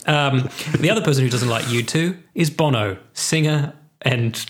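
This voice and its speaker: A man's voice: mid-range voice, moderate pace, slight background noise. A man co-hosting a podcast in casual chat, steering the talk with questions and laughing often between stories. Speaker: podcast co-host.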